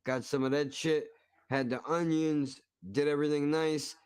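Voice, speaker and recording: A man's voice: a little high, level tone, normal speed, darkish tone, clean tone, no room sound, studio quality. A man hosting a stream, reacting to a cooking video with profane, mock-outraged ranting. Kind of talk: casual reaction commentary.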